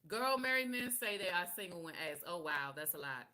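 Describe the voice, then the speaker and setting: A woman's voice: lowish voice, lively intonation, brisk, pushed and bright. A woman hosting a live podcast, telling stories in a candid, sassy, slang-heavy way. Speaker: podcast host. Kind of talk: casual live podcast chat.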